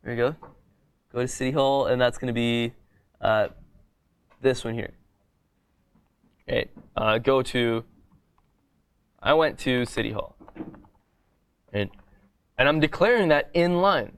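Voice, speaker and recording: A man's voice: mid-range voice, unhurried, pauses often, clean tone. A man teaching a coding bootcamp lecture in a classroom, explaining step by step in a casual way and often asking "right?".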